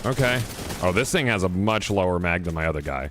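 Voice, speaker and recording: A man's voice: deep voice, expressive, a little fast, fairly bright tone, a little hiss or hum. A man streaming a video game, chatting casually and swearing in loose, rambling talk with restarts at a desk microphone. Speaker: gaming streamer. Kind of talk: casual livestream chat while gaming.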